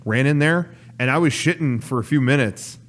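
A man's voice: mid-range voice, moderate pace. A young man chatting casually, meandering through an anecdote and swearing loosely. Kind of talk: casual chat.

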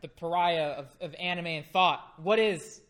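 A man's voice: fairly high pitch, a little slow, fairly bright tone. A man co-hosting a podcast who steers the casual chat onto news topics. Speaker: podcast co-host.

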